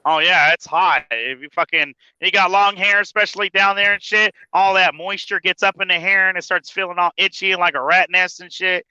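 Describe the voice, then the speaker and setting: A man's voice: high-pitched, fairly even intonation, a little fast, few pauses, sharp tone, clean tone, no room sound, muffled recording. A man in casual chat who swears constantly, laughs a lot and stumbles over his words while driving his truck. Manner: profane, laughs often, stammers when telling a story. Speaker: podcast host.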